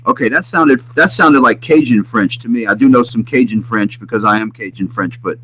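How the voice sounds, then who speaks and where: A man in the middle of a live spirit session, talking eagerly and repeating his points as he questions whoever comes through. His voice sits at an ordinary middle pitch. A loud wash of static and clicking runs under everything he says. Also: fairly quick. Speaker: paranormal livestream host. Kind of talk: live stream commentary during spirit session. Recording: loud background noise.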